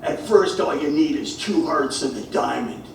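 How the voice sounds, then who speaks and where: A man voicing his corny, pun-loving father in a deadpan, self-satisfied way. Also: a little high, normal speed, creaky, a little hiss or hum. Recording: very echoey room, mic far away.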